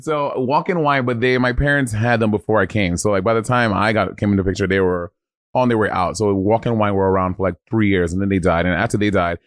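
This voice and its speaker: A man's voice: lowish voice, fast, no room sound, studio quality. A man from Saint Lucia co-hosting a podcast, rambling through stories in a casual chat and laughing often. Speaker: podcast co-host.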